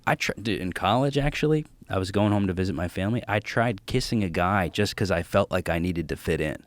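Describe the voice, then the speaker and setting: A man's voice: deep voice, a little fast, dry recording. A man, a comedian guest, telling stories in casual podcast chat, swearing freely and acting out the voices of the people he quotes. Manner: animated, profane, acts out quoted voices.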